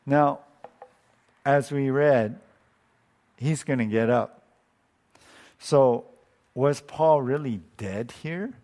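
A pastor giving a casual, conversational sermon, thinking aloud and often chuckling. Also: male voice, medium pitch, very slow, long pauses, darkish tone.

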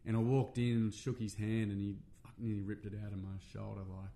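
A man's voice: lowish voice, flat delivery, quick pace, creaky, warm tone, slight background noise. A middle-aged Australian man, a men's workshop facilitator, telling a personal story in casual, earnest talk with plenty of fillers and swearing.

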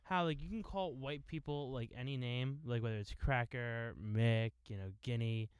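A man co-hosting a casual podcast chat, tossing out quick, deadpan remarks. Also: medium pitch, clear, resonant tone, no echo. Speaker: podcast co-host.

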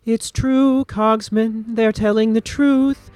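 A man's voice: very high-pitched, steady tone, slow, a little mellow, clear, resonant tone, dry recording, pitched above the performer's own voice. A man putting on a pleading young woman. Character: young woman pleading against her father.

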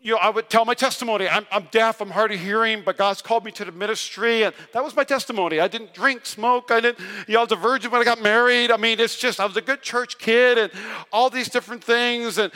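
A man's voice: very high voice, pushed and bright. A man preaching a sermon in a large church, telling stories with energy and self-deprecating humor. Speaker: pastor. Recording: long reverb of a large hall.

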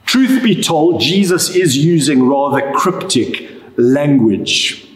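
A man preaching a sermon, reflective and deliberate as he explains a Bible passage. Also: fairly high pitch, reverberant, poor audio. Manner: reflective, expressive, slow and deliberate.

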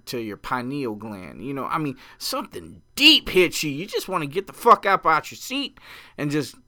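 A man's voice: a little high, sing-song, moderate pace, bright, forceful tone. A man who is a podcast guest, talking casually with colorful, profane enthusiasm. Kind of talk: casual chat.

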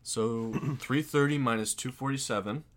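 A man's voice: medium pitch, moderate pace. A young adult man co-hosting a casual podcast, chatty and prone to long explanations. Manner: chatty, explains things at length. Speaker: podcast co-host. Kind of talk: casual chat.

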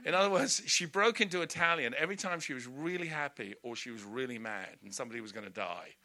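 A male preacher giving a lively storytelling sermon with humorous asides. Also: mid-range voice, quick pace. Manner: animated, storytelling, laughing asides.

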